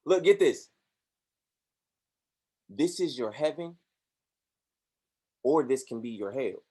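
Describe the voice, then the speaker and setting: Animated preachy man. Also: mid-range voice, takes it slowly, husky. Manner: preachy and animated, acts out voices in his stories. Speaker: motivational speaker. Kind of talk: motivational talk.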